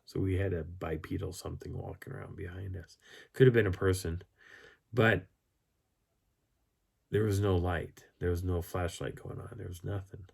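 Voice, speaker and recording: A hoarse man telling a camping story in a casual, animated way, chuckling as he goes. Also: low-pitched. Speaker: channel host.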